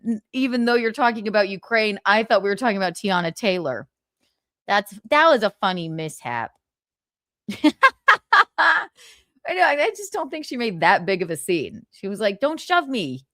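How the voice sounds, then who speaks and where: Lively, blunt woman hosting a gossip stream. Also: mid-range voice, normal speed, no echo, studio quality. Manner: blunt, sarcastic, swears freely. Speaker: livestream host. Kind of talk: casual gossip chat.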